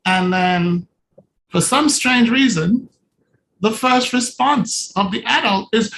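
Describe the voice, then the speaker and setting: A lively coach talks through a video call, playful and animated and often acting out small scenes. The voice sits at a middle pitch. A faint hiss of noise runs under the speech. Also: a little slow, rough recording. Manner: animated and playful, acts out little scenes while talking to a participant. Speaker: coach presenting at a virtual summit. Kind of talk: live video-call presentation.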